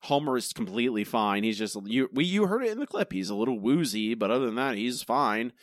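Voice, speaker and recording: Talking a little fast, a man with a medium-pitched voice co-hosts a podcast and tears into a TV episode, animated, emphatic and often restarting. The recording is dry and studio quality.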